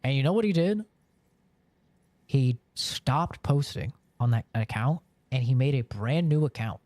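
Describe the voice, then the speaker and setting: A man's voice: medium pitch, lively intonation, a little slow, a little mellow, no room sound. A man live-streaming and chatting casually with viewers, rambling along with lots of filler words.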